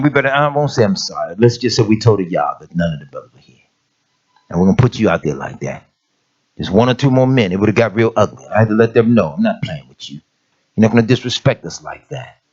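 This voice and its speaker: A man's voice: on the low side, slightly rough. A middle-aged man preaching a conversational sermon as an elder, emphatic and plain-spoken, calling out to his listeners. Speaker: elder of an assembly. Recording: dull lo-fi sermon recording.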